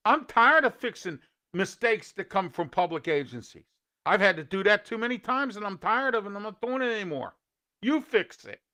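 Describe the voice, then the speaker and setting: A man's voice: fairly high pitch, pushed and bright. A man hosting an opinion show, ranting and scolding indignantly at people he finds foolish. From Pittsburgh area. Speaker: host.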